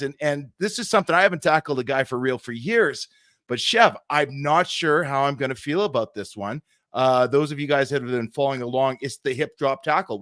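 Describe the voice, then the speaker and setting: Man co-host, steady show-running voice, mid pitch, dry close sound. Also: dry recording. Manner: steady, hands off to the next segment. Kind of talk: casual sports talk show chat.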